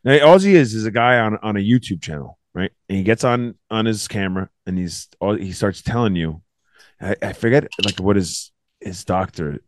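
A man's voice: on the low side, moderate pace, dry recording. A man telling stories in casual, profane chat, acting out quotes as he goes. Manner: profane, animated storytelling with acted quotes.

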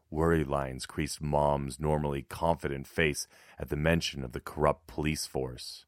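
Male narrator, very low voice, dry close sound, tense measured reading. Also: steady tone, dry recording. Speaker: audiobook narrator. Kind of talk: first-person audiobook narration.

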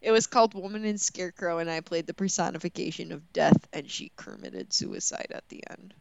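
A woman's voice: fairly low pitch, a little fast, creaky, highs cut off, heavy background noise. A young woman co-hosting a podcast in casual chat, giggly and bubbly, saying "like" often. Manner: bubbly, giggly, says "like" a lot. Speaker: podcast co-host.

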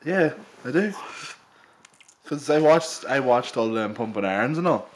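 A man's voice: mid-range voice, expressive, a little slow, slight background noise. A man, co-hosting a podcast in casual, teasing banter and swearing freely. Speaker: podcast co-host.

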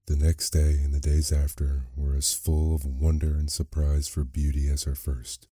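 A man with a very deep, dark voice reads a bedtime sleep story slowly and softly. His tone is husky and close, and the recording is dry with no room sound. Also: flat delivery, dry recording. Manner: slow, soft and measured. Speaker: narrator.

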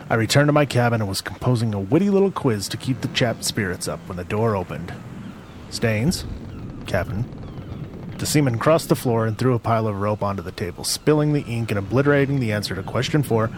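A man's voice: on the low side, animated, fast talker, hardly any pauses, slight background noise. A man reading a comic captain's log aloud in a dry, pompous narrating voice. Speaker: reader.

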